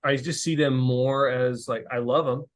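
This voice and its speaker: Brief: young man, mid-pitched, chatty guest who acts out quotes, loose and filler-heavy. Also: fairly even intonation, moderate pace. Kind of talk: casual conversational interview.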